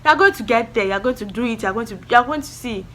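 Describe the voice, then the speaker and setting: A woman's voice: a little high, animated, fast, fairly bright tone, slight background noise. A young woman, talking earnestly to camera in a casual vlog and repeating her encouragements. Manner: earnest, motivational, repeats phrases. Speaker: vlogger.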